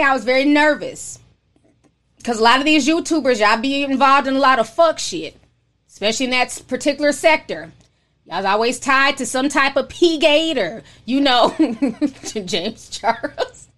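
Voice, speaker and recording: A woman's voice: high voice, animated, normal speed, a bit bright. A young woman hosting a casual livestream, reading viewer messages aloud and chatting frankly with some profanity. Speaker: livestream host.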